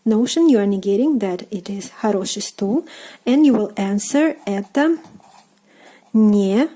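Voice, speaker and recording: A woman with a Russian accent teaching a language lesson, speaking slowly and carefully with many ums and uhs and repeating each example phrase. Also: medium pitch, animated, dark tone, low-quality recording. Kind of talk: lesson explaining grammar while writing.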